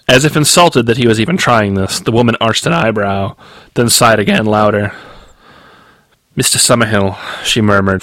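A man, the author, reading his novel aloud in steady, measured audiobook narration. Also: on the low side, no room sound.

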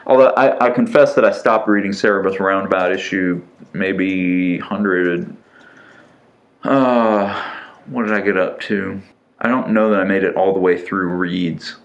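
Podcast co-host, middle-aged man, low and easygoing, rambling chat full of fillers. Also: unhurried, lo-fi sound. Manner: relaxed, rambling with fillers and restarts. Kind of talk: casual chat.

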